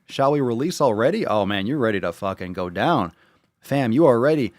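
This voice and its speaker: A man's voice: mid-range voice, expressive, moderate pace, no echo. A man hosting a livestream podcast, crude, hyped and joking, on a studio microphone. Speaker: podcast host.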